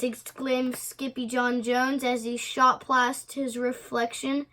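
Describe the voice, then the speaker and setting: A woman reading a children's picture book aloud in an expressive way. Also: sits high, slow, few pauses. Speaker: storybook reader.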